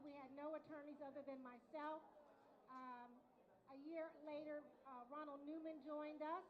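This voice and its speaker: A woman with a high voice gives a speech at a luncheon in a large hall, speaking for a prosecutor's office unit. She's chatty and addresses the crowd directly, and the sound is dull and lo-fi.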